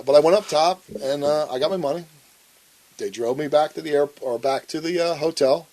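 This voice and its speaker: A man with a slightly high, slightly mellow voice tells a story in a blunt interview, heard over a rough recording. He's the guest, and he swears often while acting out the quarrels he's describing.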